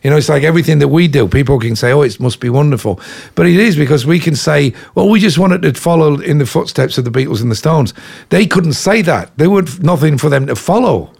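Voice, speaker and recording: A man in his fifties with an English accent, a rock musician chatting as an interview guest, telling animated anecdotes full of asides. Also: a little high, quick pace, gravelly, breathy edge. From England. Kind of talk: casual interview storytelling.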